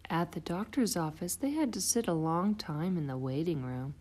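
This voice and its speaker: A woman reading a children's picture book aloud, expressive and playing out the sound effects. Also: lowish voice, normal speed. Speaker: storybook reader.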